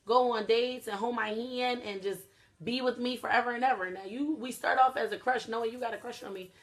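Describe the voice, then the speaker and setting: A woman's voice: fairly high pitch, steady tone, fairly quick. Blunt, profane young woman host. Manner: blunt, profane, talks straight to viewers. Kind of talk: casual talk to viewers.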